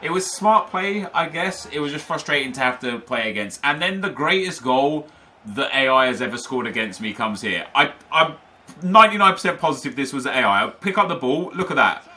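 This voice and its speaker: Expressive and a little fast, this young man's medium-pitched voice has a bright, forceful tone. He's a gaming commentator calling his own football video game matches in chatty play-by-play, heavy on fillers.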